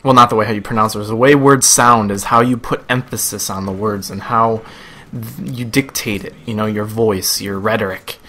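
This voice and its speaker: Bright-voiced young man from Buffalo. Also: fairly low pitch, steady tone, moderate pace. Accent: Buffalo, New York. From Buffalo, New York. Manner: rambling, chatty, self-amused. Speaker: gameplay commentator. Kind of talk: casual rambling video game commentary.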